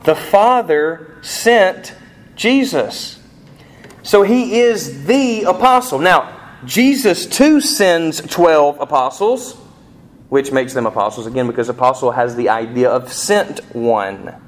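A man preaching a sermon as pastor, animated, with rising emphasis and rhetorical questions. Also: fairly high pitch, slow.

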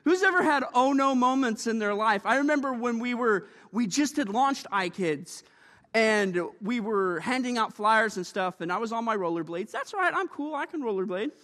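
A male preacher delivering a lively, joking sermon and calling out for amens. His voice sits very high and swings widely in pitch. He is heard in a church with a long, ringing reverb. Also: normal speed.

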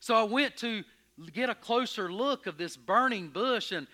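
A man playing Moses in a dramatic first-person sermon, telling his story with emphatic, expressive energy and stammering when anxious. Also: high-pitched, moderate pace. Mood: earnest. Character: Moses, earnest, stubborn, curious shepherd. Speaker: preacher in character.

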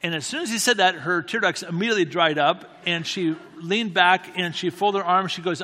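A man telling a story in a halting, self-deprecating way, with many restarts. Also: sits high, bright, forceful tone, long reverb tail. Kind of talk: anecdotal storytelling talk.

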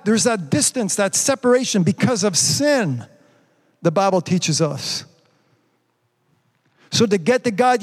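Man, pastor, preaching, high voice, rhetorical questions, long church reverb. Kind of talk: sermon.

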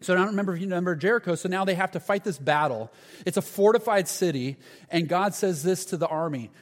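A man's voice: high voice, fast. Man preaching in an echoing hall. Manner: conversational preaching, acts out Bible dialogue. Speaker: pastor. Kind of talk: sermon. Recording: long reverb of a large hall.

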